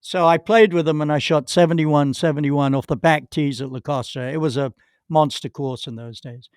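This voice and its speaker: A man's voice: fairly high pitch, steady tone, moderate pace, clean tone, dry recording, studio quality. An older man, a podcast guest, telling long rambling anecdotes with many restarts and acted-out quotes. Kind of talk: anecdotal storytelling.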